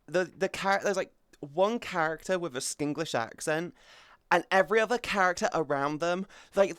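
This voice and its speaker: A man's voice: sits high, a bit bright, smooth, no room sound. A British man chatting casually on a live stream, rambling and swearing as he goes, with lots of restarts, close to the mic. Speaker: VTuber streamer.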